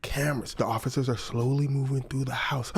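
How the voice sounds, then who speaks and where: A man narrating a true story as comedic commentary, in a lively, mocking way. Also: mid-range voice, fairly quick, gravelly, slight background noise.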